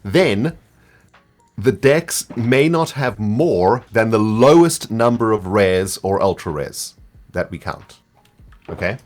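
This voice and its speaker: A man with a South African accent in casual chat, voice sitting low but swinging widely in pitch. He explains rules patiently, trailing off with fillers and laughing easily. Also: expressive, slow, darkish tone, faint music behind. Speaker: guest player on a voice call.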